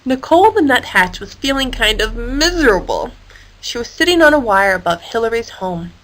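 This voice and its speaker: A woman reading a children's animal story aloud in a lively, expressive way. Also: on the high side, moderate pace, poor audio.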